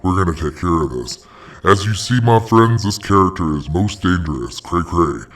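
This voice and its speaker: A man's voice: deep voice, expressive, moderate pace, distant mic. A man hosting a parody hotline, talking in slangy, mock-preachy street lingo. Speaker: host.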